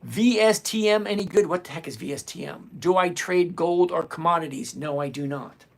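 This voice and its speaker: A man's voice: sits high, normal speed, gravelly. Blunt older man reading chat aloud. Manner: blunt, dismissive, reads chat questions aloud. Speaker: livestream host answering chat. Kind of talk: casual live-stream chat.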